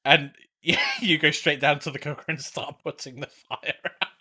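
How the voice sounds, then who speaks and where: A man's voice: on the high side, moderate pace, sharp tone, breathy edge. A man co-hosting a live stream, chatting reflectively about game design and laughing often. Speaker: co-host.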